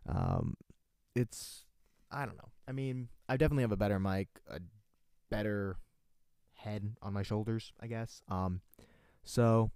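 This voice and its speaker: A young man hosts a casual livestream, rambling from topic to topic and reading chat aloud. His voice is low and mellow, with a self-deprecating ease. The recording is dry and close. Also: lively intonation, unhurried, gravelly, smooth, no echo. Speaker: livestream host.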